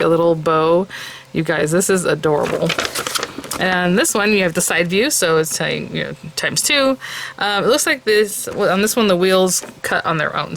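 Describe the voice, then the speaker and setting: A woman's voice: fairly low pitch, vocal fry, a bit bright. A woman hosting a casual crafting unboxing, chatty and gushing, with many fillers. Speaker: crafting channel host. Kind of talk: casual product unboxing chat.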